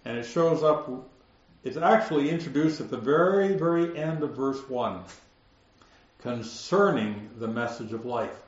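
Man teaching scripture verse by verse. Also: medium pitch. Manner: explanatory, stresses key words, slows to make a point. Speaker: Bible teacher. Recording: roomy, slightly dull recording.

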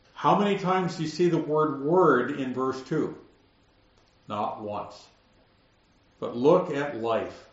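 A man teaching the Bible verse by verse, explaining the text and slowing down to stress key words. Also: medium pitch, darkish tone. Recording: roomy, slightly dull recording.

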